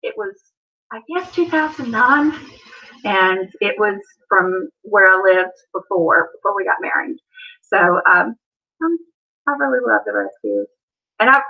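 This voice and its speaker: A woman's voice: fairly high pitch, animated, a little slow. A woman with a Southern accent hosting a casual livestream, chatty and rambling, talking to viewers by name. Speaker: livestream host. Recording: dull lo-fi stream audio.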